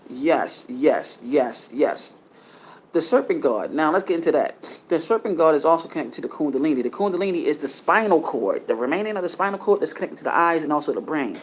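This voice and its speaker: A man's voice: on the high side, slight background noise. Rambling man giving a spiritual talk. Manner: rambling, repetitive, restarts sentences; earnest, lecturing. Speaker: spiritual teacher.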